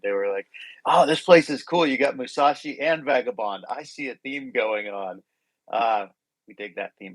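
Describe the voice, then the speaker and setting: A man's voice: mid-range voice, no room sound, rough recording. Friendly chatty guy hosting a live audio room, medium voice, dry close sound. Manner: upbeat, welcoming, chatty. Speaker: host.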